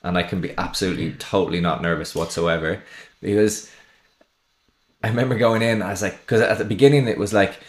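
A man with a very low, deep voice tells a rambling story in a relaxed podcast chat. He loses his thread now and then and laughs at his own jokes. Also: a little fast, reverberant. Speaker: podcast host. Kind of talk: casual interview chat.

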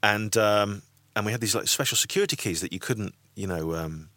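Man from England, rambling storyteller, slightly low voice, bright tone, dry recording. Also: brisk, dry recording. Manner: rambling, anecdotal, laughs often, does voices in quotes. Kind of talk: casual storytelling chat.

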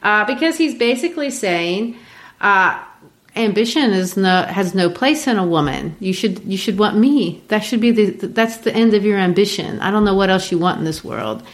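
A woman discussing a classic play in a relaxed lesson, explaining with thoughtful pauses and fillers. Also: mid-range voice. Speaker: literature teacher. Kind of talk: discussing and reading a play aloud.

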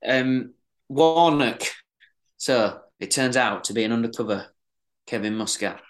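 A man on a casual podcast drags out a rambling comic story. He talks very slowly, pausing often between phrases. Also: mid-range voice, fairly bright tone, poor audio. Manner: slow, drawn-out, rambling. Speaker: podcast co-host.

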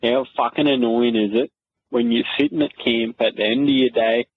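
A man's voice: mid-range voice, fairly even intonation, moderate pace, breathy edge, no echo. A man with an Australian accent leaves a matter-of-fact voice message for a podcast. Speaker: listener sending a voice message. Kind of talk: recorded voice message. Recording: tinny phone recording.

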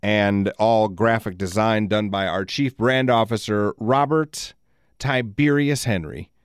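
A man's voice: on the low side, unhurried, clear, resonant tone, dry recording. A middle-aged man hosting a podcast, telling rambling stories with plenty of swearing and laughter, recorded on a studio microphone. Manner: profane, rambling, laughing often. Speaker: podcast host. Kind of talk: casual storytelling chat.

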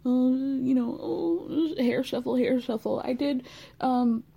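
A woman's voice: sits high, slow pace, vocal fry, breathy edge, dull audio, voice pushed up, exaggerated voice. A woman putting on a sheepish, tearful young man who pleads and whines through a confession. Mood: whiny pleading.

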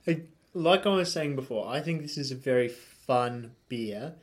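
A man's voice: medium pitch, expressive, normal speed. Guy co-hosting a chill beer podcast, lots of likes and ums, rambles on. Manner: rambling, filler-heavy. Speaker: podcast co-host. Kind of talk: casual chat.

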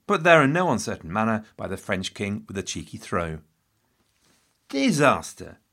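Male podcast host, scripted history narration, dry asides, very animated intonation. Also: lowish voice. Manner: wry, theatrical storytelling with dry asides.

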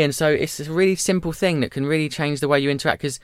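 This podcast guest, a man in his thirties, has a slightly high, clean voice captured in dry, studio-quality sound. His candid, conversational stories move fast, and he animates them by acting out voices.

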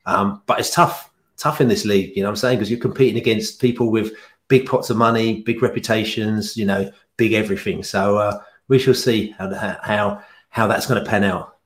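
A man's voice: lowish voice, steady tone. A man, a football fan podcaster, chatting casually on a podcast in a rambling way with lots of fillers. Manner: chatty and rambling, with frequent fillers and quick laughs.

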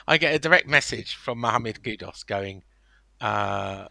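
A man hosting a casual football podcast, telling stories in an animated, defensive way. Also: fairly low pitch, a little slow, creaky. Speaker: podcast host.

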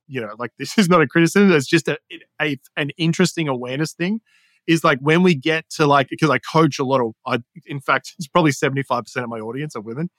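A man's voice: on the high side, no room sound. A man, a storytelling and sales coach talking energetically on a podcast interview, laughing often as he explains. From Australia. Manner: energetic, laughs often, puts on quoted voices.

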